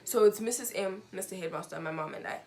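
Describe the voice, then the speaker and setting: A woman's voice: mid-range voice, quick pace. A young woman from Zimbabwe telling a storytime vlog, recounting events with emotion and acting out what people said. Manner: emotional, animated retelling with quoted dialogue. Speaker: vlogger.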